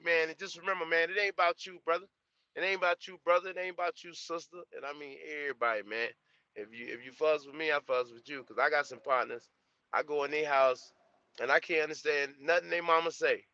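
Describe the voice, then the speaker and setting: A man's voice: on the high side, steady tone, fast talker, bright, forceful tone, no echo, highs cut off. A young man streaming live as a trucker vlogger, chatting casually in a laid-back, slangy way and repeating himself. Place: truck cab.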